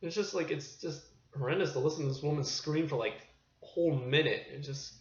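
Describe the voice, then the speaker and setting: A man's voice: a little high, animated, fast talker, fairly bright tone. A man reviewing a film in a casual, rambling monologue, often losing his thread. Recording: echoey room, dull lo-fi sound.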